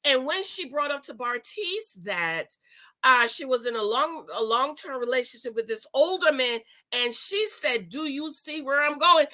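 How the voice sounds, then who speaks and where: Lively high-voiced woman recapping a show. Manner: animated, gossipy, mimics cast members in quick asides. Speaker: reality show recap host. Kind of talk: casual commentary and recap.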